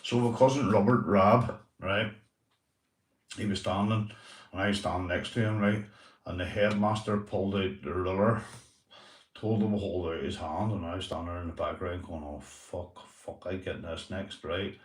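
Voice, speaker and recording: This man from Northern Ireland speaks in a deep voice with fairly even intonation at a moderate pace, recorded poorly through a distant mic in an echoey room. Telling stories on his livestream, he swears a lot and keeps repeating "right?" and "mate."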